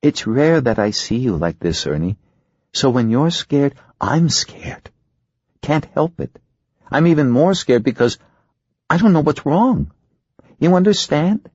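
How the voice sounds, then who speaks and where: Male narrator playing a forthright, worried wife, lifted high, husky and earnest, dry sound. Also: sing-song, a little slow, pauses often, a little mellow, dry recording, muffled recording. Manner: earnest, pleading. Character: worried, forthright middle-aged Iowan wife.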